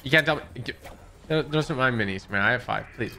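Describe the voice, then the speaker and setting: A man's voice: medium pitch, fast talker, creaky, bright, forceful tone, slight background noise. Playful man streaming a game. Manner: playful and joking, scats nonsense syllables. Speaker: gaming livestream host. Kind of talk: casual gaming stream chat.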